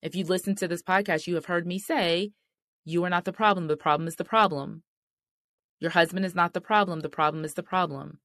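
A woman's voice: on the low side, fairly even intonation, a little fast, a bit bright, dry recording, studio quality. A middle-aged woman hosting a faith-based marriage podcast, talking directly and earnestly to listeners. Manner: earnest, direct, addresses listeners as "y'all" and "sis". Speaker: podcast host.

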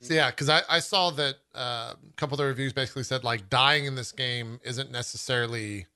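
A man's voice: medium pitch, a little fast, sharp tone, clean tone. A man in casual gaming chat, asking questions and reacting with short remarks. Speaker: game discussion co-host.

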